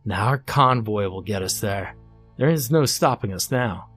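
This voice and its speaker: A man voicing an excitable, overconfident male driver who talks in a boisterous, pushy way. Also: fairly low pitch, normal speed, breathy edge, faint music behind.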